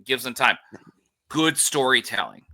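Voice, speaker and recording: A man's voice: medium pitch, sing-song, pushed and bright. A man co-hosting a podcast, chiming in with enthusiastic commentary and frequent laughs. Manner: enthusiastic, laughs often, chimes in with quick commentary. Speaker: podcast co-host. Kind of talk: casual movie review chat.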